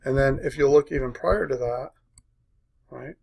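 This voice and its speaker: A man's voice: mid-range voice, normal speed, vocal fry, darkish tone, slightly rough. A man coaching a live trading room, walking through a chart in short punchy phrases and checking in with "right?" after each point. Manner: walks through a chart aloud.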